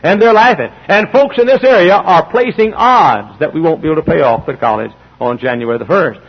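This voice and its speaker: A man's voice: fairly high pitch, expressive, brisk, breathy edge. A middle-aged man preaching a sermon, emphatic, repeating phrases and acting out both sides of conversations. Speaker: pastor. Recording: dull lo-fi sermon recording.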